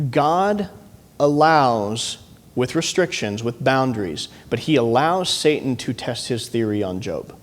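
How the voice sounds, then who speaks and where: A man with a Midwestern American accent preaching a sermon as pastor, in an earnest teaching tone with frequent restarts. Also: medium pitch. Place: church sanctuary. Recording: long church hall reverb.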